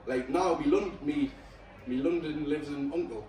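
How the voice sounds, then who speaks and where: A man's voice: a little high, moderate pace. A man guesting on a podcast as a comedian, chatting casually, rambling and laughing, with a lot of swearing. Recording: echoey room, distant mic, loud chatter behind.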